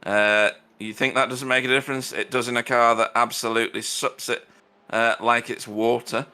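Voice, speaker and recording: Bright, crisp man commentating. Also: mid-range voice, level tone, moderate pace. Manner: chatty, dry self-deprecating humor. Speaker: sim racing commentator. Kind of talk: live race commentary.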